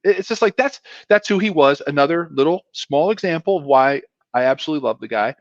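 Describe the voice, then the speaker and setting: A middle-aged man, a former pro football player, telling stories in a casual, animated way and putting on voices for quotes. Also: a little high, fast, no room sound, muffled recording. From Pennsylvania. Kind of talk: casual storytelling.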